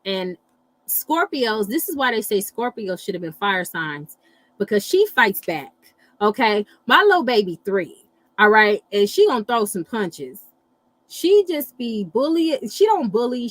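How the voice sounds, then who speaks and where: A middle-aged woman hosting a casual live chat, animated and blunt, swearing freely and reacting to viewer comments. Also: medium pitch, measured pace, rough recording. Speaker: livestream host reading astrology.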